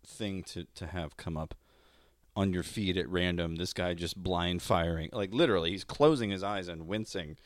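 A man's voice: low voice, normal speed, no echo, clean studio sound. A man co-hosting a comedy podcast in casual chat, laughing often as he retells online clips. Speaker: podcast co-host.

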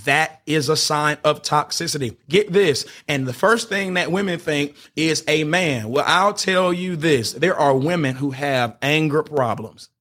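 A man's voice: a little high, measured pace, few pauses, a bit bright. A man hosting an advice podcast, teaching in an emphatic, preacher-like way, often restarting his sentences and pushing points with "get this" and "hear me". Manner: often restarts and stumbles over words. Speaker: podcast host giving relationship advice.

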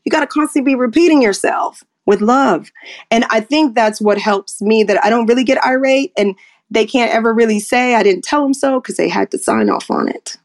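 A woman's voice: on the high side, fairly quick. An outspoken woman in her forties, a photographer chatting as a guest and acting out how she talks to clients. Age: 40s. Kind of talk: casual chat on a live audio room.

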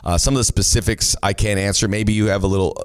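A man's voice: lowish voice, steady tone, fast talker. A man co-hosting a casual soccer talk show, chatting and answering listener questions. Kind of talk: casual sports chat. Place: studio near the team's home ground.

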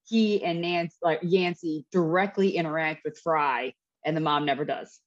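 A woman's voice: deep voice, fairly even intonation, moderate pace. A young woman co-hosting a podcast in casual chat, rambling and peppering her talk with "like". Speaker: podcast co-host. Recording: dull lo-fi sound.

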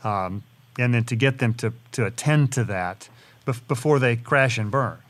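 A man's voice: mid-range voice, normal speed, fairly bright tone. A man hosting an interview, circling through restarts and fillers as he builds his questions. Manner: hesitant, many restarts and fillers while framing questions. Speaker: interviewer host.

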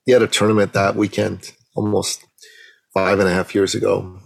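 A middle-aged man, a guest on an interview, telling a personal story with animated, emotional delivery and acting out the dialogue. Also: fairly low pitch, normal speed, vocal fry, rough recording. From Iran.

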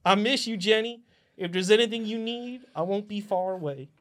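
A man's voice: high-pitched, moderate pace, fairly bright tone. A man from Queens, New York, doing a comedic mock audition, reading a monologue earnestly with stumbles and shifting accents.

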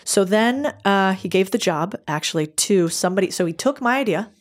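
A woman's voice: medium pitch, animated, normal speed. A woman who is a guest on a podcast, telling stories from her career in a candid, chatty way and acting out bits of dialogue. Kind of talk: casual interview storytelling.

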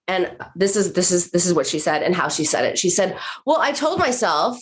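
A woman therapist on a podcast, explaining calmly and acting out what patients say to themselves. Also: mid-range voice, normal speed. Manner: explanatory, acts out patients' self-talk. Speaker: therapist guest. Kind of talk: podcast conversation.

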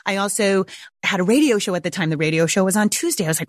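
A woman's voice: mid-range voice, quick pace, no room sound. Woman, forties, homeschooling mother, close to tears, candid casual storytelling, frequent laughs and swearing, dry close sound. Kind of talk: candid personal storytelling to viewers.

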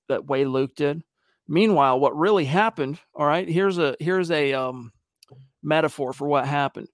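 Animated man hosting a sports podcast. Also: a little high, no echo, clean studio sound. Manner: animated storyteller, acts out quotes. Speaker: podcast host reading viewer questions. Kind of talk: casual sports podcast talk.

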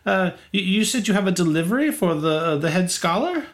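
A man's voice: high-pitched, animated, a little fast, voice pushed up. A man voicing an eager, fussy young male scribe with an overly polite manner. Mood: courteous. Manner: chirpy, overly courteous.

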